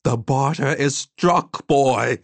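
A man's voice: medium pitch, slow, no echo, pitched above the performer's own voice. A man voicing a stern, resolute old woman elder in an audiobook, firm and commanding. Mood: resigned firm. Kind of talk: audiobook character voice.

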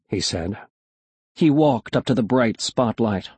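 A man narrating a storybook in a measured, expressive way. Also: mid-range voice, breathy edge, no echo.

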